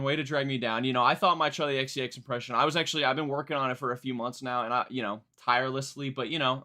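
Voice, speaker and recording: A man's voice: mid-range voice, steady tone, fast talker, few pauses, sharp tone. A young man streaming a live album reaction, chatting casually in a rambling, self-mocking way.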